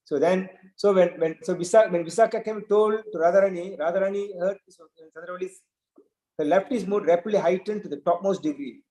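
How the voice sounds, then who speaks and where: A man's voice: high voice, fairly quick, dark tone, reverberant, low-quality recording. A man giving a devotional scripture talk, retelling a story and often checking in with "right?". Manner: storytelling with frequent "right?" asides. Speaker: preacher.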